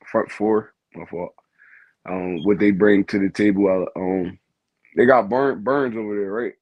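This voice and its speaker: Low-voiced man, hesitant sports talk. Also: no echo, dull audio. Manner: hesitant, full of ums and restarts. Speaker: podcast co-host. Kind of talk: casual sports chat.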